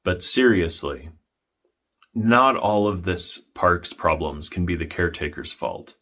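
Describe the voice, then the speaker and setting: Young male vlogger, low-pitched, deadpan narration with dry wit. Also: measured pace. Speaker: history vlogger.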